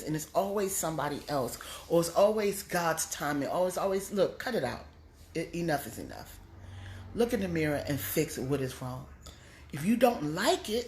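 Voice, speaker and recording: A woman comedian giving a blunt, scolding motivational talk, pushing her voice up high to drive points home. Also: expressive, normal speed, darkish tone, roomy sound, a little hiss or hum. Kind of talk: preachy motivational monologue.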